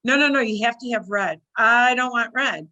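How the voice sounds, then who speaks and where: A woman tells a personal story to friends in a casual, animated way. Her voice is fairly high and bright. She jumps into her own past lines with lively energy. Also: moderate pace.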